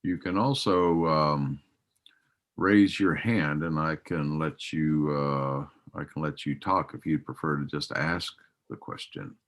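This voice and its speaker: A man's voice: very deep voice, fairly even intonation, slow. A man hosting and moderating an online forum webinar, talking loosely with many fillers. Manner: loose, rambling, filler-heavy. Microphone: video call.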